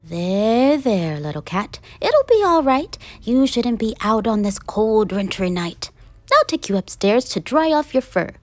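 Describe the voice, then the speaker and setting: A woman voicing a lonely, kindly old woman who chats gently as she tells her story. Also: fairly high pitch, very animated, unhurried, dry recording. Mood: gentle.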